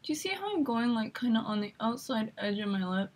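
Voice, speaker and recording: A woman's voice: on the high side, very animated, brisk. A woman hosting a makeup tutorial, chatty and instructive as she talks through each step while demonstrating.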